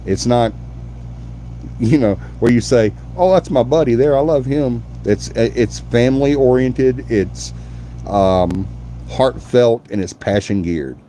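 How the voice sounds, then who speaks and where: A man's voice: mid-range voice, slow pace, dark tone, slight background noise. A man hosting a live paranormal show, chatting effusively with viewers and repeating himself. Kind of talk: casual live-stream chat.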